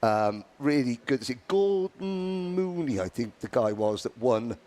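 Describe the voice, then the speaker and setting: A man's voice: lowish voice, fairly even intonation, moderate pace, darkish tone. Chatty male race commentator. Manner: chatty, rambling, with asides and restarts. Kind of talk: live motorsport commentary.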